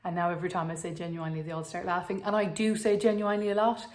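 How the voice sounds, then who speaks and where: A woman's voice: fairly low pitch, flat delivery, very fast, a little mellow. Young Irish woman, casual chat vlogger, rambling and self-mocking. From Ireland.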